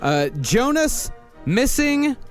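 A man's voice: extremely high pitch, big pitch swings, slow, soft background music. A man co-hosting a podcast, reading supporter names in an offhand way. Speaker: podcast co-host.

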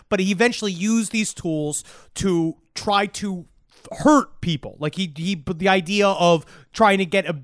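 High-voiced man telling a rambling story. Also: fairly bright tone, no echo, clean studio sound. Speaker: podcast co-host. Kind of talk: comedic true-crime podcast chat.

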